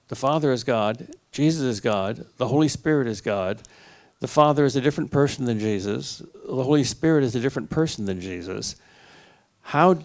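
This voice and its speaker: An older American man lays out his argument one step at a time, like a professor answering at a public forum. He talks at an ordinary pitch for a man, measured and clear, with a dry wit. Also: a little mellow. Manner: reasoned, step-by-step explaining with a dry joke. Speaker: philosophy professor in a dialogue. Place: university lecture hall.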